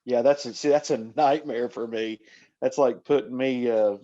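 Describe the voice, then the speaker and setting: A man's voice: medium pitch, moderate pace, dark tone. A man hosting a podcast interview, talking hesitantly with fillers and restarts. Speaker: podcast host. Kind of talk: casual interview chat. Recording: dull lo-fi sound.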